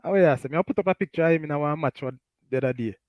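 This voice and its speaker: Jamaican male host, brighter voice, chatty, laughs a lot, dry sound. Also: on the high side, very fast, dry recording, highs cut off. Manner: laughs often, animated, Patois-flavored. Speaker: talk show host. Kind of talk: casual live-stream chat, reading comments.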